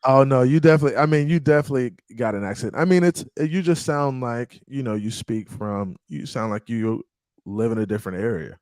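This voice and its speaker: A man's voice: medium pitch, brisk, darkish tone, no room sound. Upbeat man hosting, dry sound. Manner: upbeat, repeats himself. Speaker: host. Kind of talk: casual chat.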